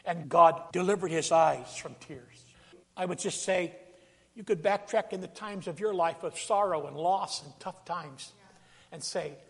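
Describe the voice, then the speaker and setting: A man with a high, gravelly voice preaches in a church sanctuary, taking his time over each phrase. He acts out scripture in a dramatic way and calls out to the congregation. His voice rings with the long reverb of a big hall. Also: a little slow, fairly bright tone. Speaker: pastor. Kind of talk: sermon.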